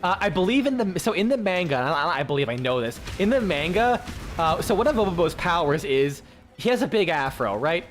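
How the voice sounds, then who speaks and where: Rambling, excitable male streamer. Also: high voice, fairly quick, soft background music. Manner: rambling, filler-heavy, swears freely. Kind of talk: casual chat with stream viewers.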